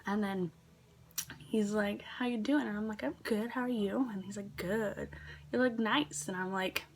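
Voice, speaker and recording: A woman's voice: mid-range voice, steady tone, measured pace, slight background noise. A teenage girl casually telling work stories in a vlog, chatty with lots of fillers, sometimes dropping to a whisper. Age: teens. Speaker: vlogger.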